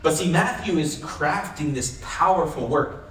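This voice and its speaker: Man pastor, conversational sermon, rhetorical questions, slightly high voice, echoey hall, mic far off. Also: a little slow, fairly bright tone.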